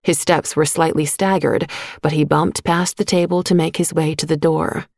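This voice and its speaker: A woman narrating a short story in a measured, even voice on a close microphone. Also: low-pitched, no room sound. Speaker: audiobook narrator. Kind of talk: scripted narration.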